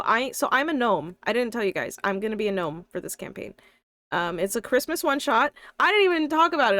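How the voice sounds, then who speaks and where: A woman's voice: on the high side, fairly bright tone, dry recording. A young woman with a slight lisp, chatting casually on a live stream, thinking aloud and talking to her viewers. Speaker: live streamer and tabletop player.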